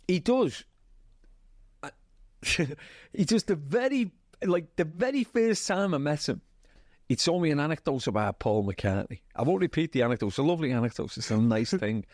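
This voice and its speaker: A man with a Liverpool accent, a TV writer being interviewed, telling anecdotes in a lively, chatty way, acting out quotes and laughing often. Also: on the high side, normal speed, no room sound, clean studio sound. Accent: Liverpool (Scouse). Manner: animated storyteller, acts out quotes, laughs often. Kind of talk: casual anecdotal interview chat.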